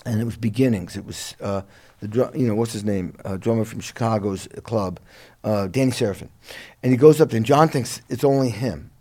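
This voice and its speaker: A middle-aged musician telling his career story in a relaxed interview, lively and a bit profane, laughing along. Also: lowish voice, a little fast. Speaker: guest musician.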